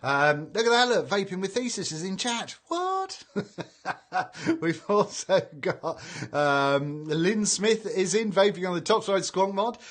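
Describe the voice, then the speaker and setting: A man's voice: high-pitched, lively intonation, a little slow, fairly bright tone. A man hosting a casual live stream, reading out viewer greetings in a chatty way and stumbling over names. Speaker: livestream host reading chat.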